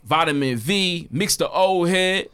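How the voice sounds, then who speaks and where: A man's voice: high-pitched, a little slow, fairly bright tone, smooth. A man co-hosting a casual podcast, hyped up and tacking "man" onto his sentences. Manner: hyped, keeps adding "man". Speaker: podcast co-host.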